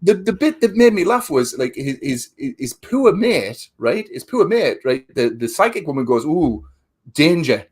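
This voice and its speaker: A man's voice: on the high side, very animated, normal speed, hardly any pauses, slightly rough. A man co-hosting a casual film review chat. He swears often, acts out quotes, and repeats words while he thinks. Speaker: podcast co-host.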